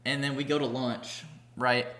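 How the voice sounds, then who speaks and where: Bright-voiced young man telling a rambling story. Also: mid-range voice, flat delivery, normal speed. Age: young adult. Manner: rambling, profane, filler-heavy storytelling. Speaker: vlogger. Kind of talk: casual storytime vlog.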